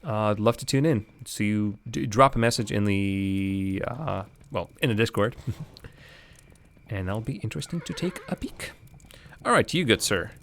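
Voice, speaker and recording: A man's voice: on the low side, lively intonation, moderate pace, gravelly. A man giving casual, rambling commentary while streaming a game live, chatting with viewers and laughing often.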